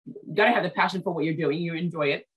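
A woman's voice: on the low side, breathy edge. Enthusiastic woman hosting an interview. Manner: enthusiastic, talks at length with quick restarts. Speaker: host. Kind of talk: casual interview chat.

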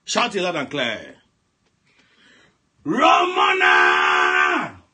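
A man preaching on a prayer line, swinging from soft murmurs to shouted commands and speaking in tongues. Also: mid-range voice, big pitch swings, a little slow, breathy edge. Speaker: pastor. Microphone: phone line broadcast.

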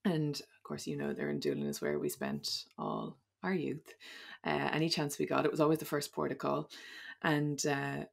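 An Irish woman in her thirties with a low, gravelly voice. She tells childhood stories in casual chat, rambling and laughing often. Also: lively intonation, normal speed, hardly any pauses. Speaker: podcast guest.

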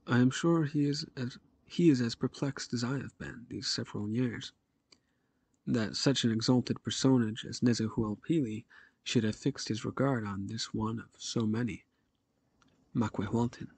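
Obsequious governor, voiced by a man: flattering, husky, gravelly, dry sound. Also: medium pitch, moderate pace. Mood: fawning. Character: fawning male provincial governor, obsequious.

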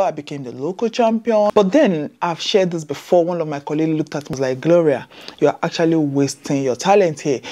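A woman's voice: lowish voice, warm tone. A woman in her thirties from Nigeria, speaking, chatting to viewers as a nurse vlogger and telling her story with emphatic asides. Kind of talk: casual vlog talk to camera. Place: Scotland.

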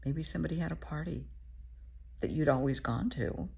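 A middle-aged woman therapist giving a motivational talk, speaking softly and often half-whispering, calling the listener honey. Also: low-pitched, normal speed, vocal fry, slightly rough.

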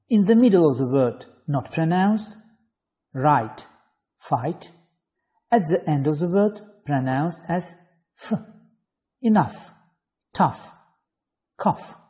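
A man's voice: on the high side, dark tone. A man from Azerbaijan, an English teacher reading letters and example words one at a time in an online phonetics lesson.

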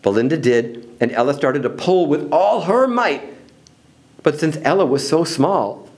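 A man reading a children's picture book aloud in an expressive, animated way. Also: a little high, moderate pace. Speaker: storybook reader.

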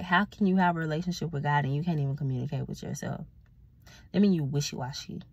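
A woman's voice: deep voice, gravelly, breathy edge, no room sound. A sleepy woman, ranting bluntly and profanely in a casual vlog as a self-reflection coach. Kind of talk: casual vlog talk to camera.

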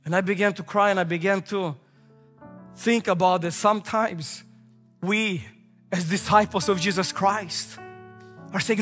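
A man in his thirties preaching from the pulpit, emphatic and repetitive as he builds his points. His voice sits high for a man. Long reverb from a large sanctuary carries it, with faint music under it. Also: steady tone, unhurried, long pauses, a bit bright. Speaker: pastor. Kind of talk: sermon. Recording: echoey hall with faint music.

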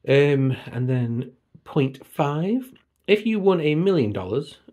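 Husky-voiced man rambling about books. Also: a little high, very animated, slow pace, mellow. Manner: chatty, digressive, self-deprecating. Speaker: book vlogger. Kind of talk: casual chat. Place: at home by a computer.

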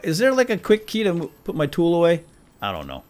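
A man giving excitable, jokey commentary while playing a video game. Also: on the high side, fast. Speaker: let's play gamer. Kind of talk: casual gameplay commentary.

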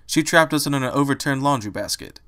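A man's voice: mid-range voice, fairly quick, sharp tone. A man voicing a grumpy male rabbit who talks curtly and grumbles in a storybook reading. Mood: gruff. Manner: curt and grumbling.

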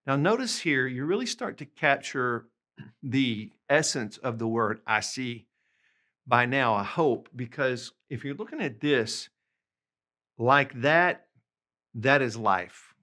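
A man teaching a language lesson, patiently explaining examples and slowing down to say the phrases clearly. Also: medium pitch, lively intonation, pushed and bright. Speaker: language tutor.

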